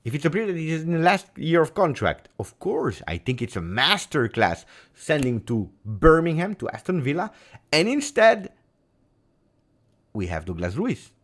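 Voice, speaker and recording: A man hosting a football vlog, talking in an emphatic, theatrical way that jumps between loud and hushed. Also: a little high, big pitch swings, moderate pace. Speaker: football channel host. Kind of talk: animated football commentary vlog.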